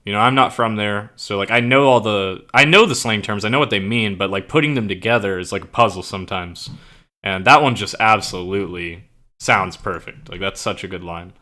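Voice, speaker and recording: Bright-voiced young man chatting loosely. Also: lowish voice, a little fast. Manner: loose and profane, lots of "like" and "bro"; explains slang with enthusiasm. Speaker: streamer and writer. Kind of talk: casual chat while writing.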